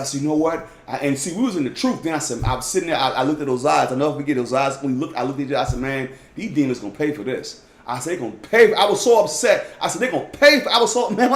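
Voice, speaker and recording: Man, informal Bible teacher, animated, emphatic, echoey room. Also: mid-range voice. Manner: emphatic, repeats "y'all", swings from loud to hushed. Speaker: teacher leading a Bible study.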